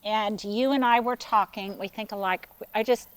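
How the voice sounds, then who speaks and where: A woman's voice: mid-range voice, fairly even intonation, normal speed, clean tone, no echo. A woman hosting a casual garden tour outdoors, gushing with praise as she walks and talks. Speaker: host touring a garden. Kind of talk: casual chat.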